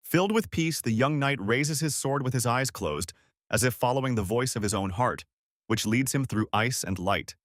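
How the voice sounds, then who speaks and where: A man reading a scripted story recap in an even, descriptive storytelling delivery on a close mic. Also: medium pitch, normal speed, no echo. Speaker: recap narrator.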